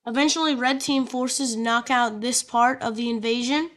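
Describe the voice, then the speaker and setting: A woman talks through an alternate-history map story in a loose, chatty way, with plenty of fillers and joking asides. Her voice sits a little high, and she sounds relaxed and unscripted. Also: moderate pace. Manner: casual, chatty, filler-heavy, jokey asides. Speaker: map video narrator. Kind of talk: casual narrated map story.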